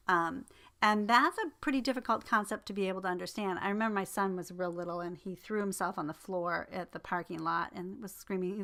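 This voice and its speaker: A middle-aged woman lecturing casually, filling her talk with ums and personal stories. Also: medium pitch. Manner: relaxed, filler-heavy explanation with personal anecdotes. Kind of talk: recorded lecture.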